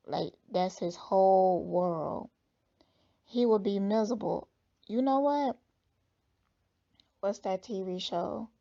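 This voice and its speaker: Woman commentator, unhurried and blunt, husky fry, dark tone, dull recording. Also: mid-range voice. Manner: slow, thoughtful, blunt judgements. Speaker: spiritual reader reacting to a clip. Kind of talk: casual commentary.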